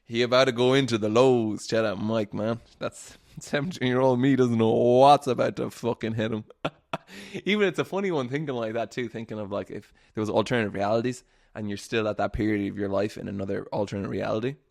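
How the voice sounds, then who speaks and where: A man's voice: medium pitch, fairly quick, gravelly, a little mellow. A young man hosting a solo podcast, telling stories in a rambling, casual way, swearing freely and laughing often. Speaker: podcast host.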